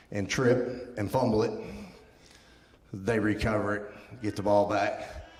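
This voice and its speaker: A man in his fifties, a guest speaker telling a personal story in a sermon, acting out the voices of the people in it. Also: lowish voice. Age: 50s. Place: church sanctuary. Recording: echoey church hall.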